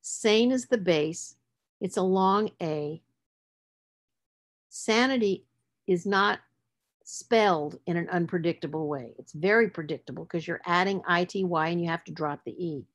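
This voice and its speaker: Lady teacher explaining spelling and stress, a bit low voice, spells out letters. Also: normal speed. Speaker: literacy teacher. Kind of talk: presenting a lecture on word structure.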